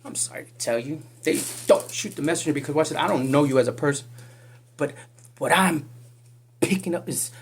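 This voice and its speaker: Psychic vlogger, husky and swearing, rambling and combative, mid-pitched. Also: fairly quick. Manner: profane, confrontational, rambling. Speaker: psychic card reader. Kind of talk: casual spiritual reading vlog.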